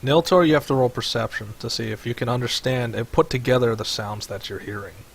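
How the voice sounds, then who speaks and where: A man's voice: mid-range voice, fairly quick, gravelly, slightly rough. A man running a tabletop game as game master over voice chat, rambling with many fillers. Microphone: headset or desk mic on voice chat.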